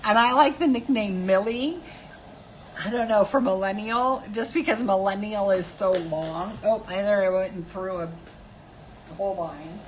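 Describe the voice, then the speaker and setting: A woman's voice: medium pitch, unhurried, a little hiss or hum, rough recording. A woman in her fifties chatting casually on a live stream while she draws, chatty and self-mocking, laughing often. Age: 50s. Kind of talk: casual chat while drawing.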